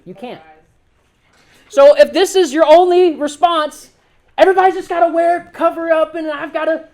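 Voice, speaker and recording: A man giving an animated, joking sermon to a youth group as youth pastor, often telling the crowd to listen. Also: very high-pitched. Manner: casual everyday slang.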